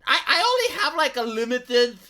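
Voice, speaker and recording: A man's voice: very high-pitched, big pitch swings, moderate pace, sharp tone. A man hosting a livestream, commenting in a sarcastic, rambling, mocking way. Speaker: livestream host.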